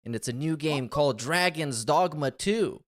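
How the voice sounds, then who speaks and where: A man's voice: on the high side, normal speed, fairly bright tone. Dry-humored man podcast co-host. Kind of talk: casual podcast chat.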